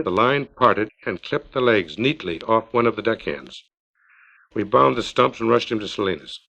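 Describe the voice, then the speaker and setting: Author-narrator, man in his fifties, plain measured storytelling, gravelly, dull 1950s record. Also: medium pitch, a bit bright. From California.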